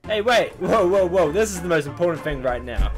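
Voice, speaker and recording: A man hosting a casual reaction video, talking in a playful, exaggerated, excitable way. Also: high voice, brisk, soft background music.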